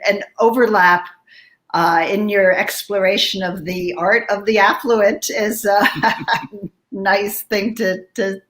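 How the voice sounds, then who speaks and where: Female host, slow and halting with fillers, on a video call. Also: medium pitch, a bit bright. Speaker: event host. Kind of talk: hosting a virtual reading.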